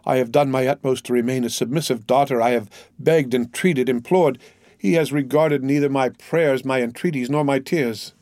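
A man voicing a devout, torn young woman who pleads with her lover, read in an earnest, measured way. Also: medium pitch, fairly even intonation, a little mellow, no echo, studio quality, close to an everyday voice. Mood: imploring. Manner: earnest, imploring, measured reading. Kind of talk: audiobook character reading.

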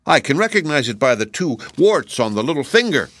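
A man voicing a gentle, earnest tin woodman. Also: fairly high pitch, very animated, a little fast, no echo, voice pushed up.

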